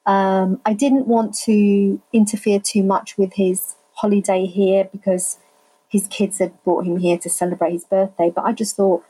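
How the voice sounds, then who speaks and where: A middle-aged woman telling a personal story in conversation, in an animated, emphatic way, acting out the voices of other people. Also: mid-range voice, normal speed, breathy edge, rough recording. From England. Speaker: family carer telling her story.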